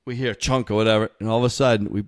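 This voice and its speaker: A man co-hosting a podcast, telling work anecdotes in a casual, animated way and laughing as he goes. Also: lowish voice. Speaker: podcast co-host. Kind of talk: casual storytelling.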